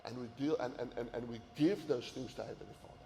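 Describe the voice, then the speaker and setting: A man's voice: mid-range voice, fast, gravelly, dark tone, a little hiss or hum. A man giving an earnest sermon-style talk to men, often repeating words as he pushes a point. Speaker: men's ministry teacher. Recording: echoey hall with faint ambience.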